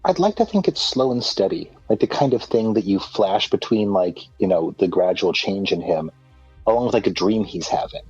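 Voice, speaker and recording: A man's voice: on the low side, lively intonation, normal speed, darkish tone, husky, no echo, soft background music. A man playing a tabletop game, describing a scene imaginatively and rambling with fillers. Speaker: player. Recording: dull lo-fi mic.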